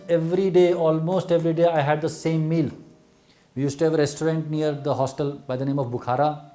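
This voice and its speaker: A man's voice: medium pitch, mellow. A middle-aged man with an Indian English accent giving an earnest motivational talk to exam students, repeating words for emphasis. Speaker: medical exam coach.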